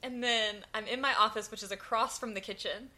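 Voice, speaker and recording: A woman's voice: on the high side, brisk. A young woman co-hosting a podcast, telling a workplace story with lots of laughter in casual chat. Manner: animated storyteller, laughs often. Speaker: podcast co-host.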